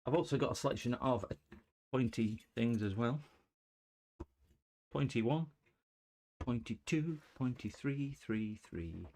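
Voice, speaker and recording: Hosting a live repair stream, this man speaks in a darkish, mid-range voice, animated but unhurried, often pausing. He keeps things chatty, trading jokes and puns with the viewers in chat while fixing electronics.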